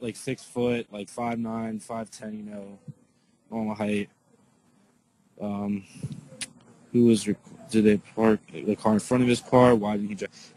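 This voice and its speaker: A man giving a casual spoken eyewitness account to his viewers, answering questions in a halting way full of "like" and restarts. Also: medium pitch, a little mellow, slight background noise, low-quality recording. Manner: halting, filler-heavy, lots of "like" and restarts.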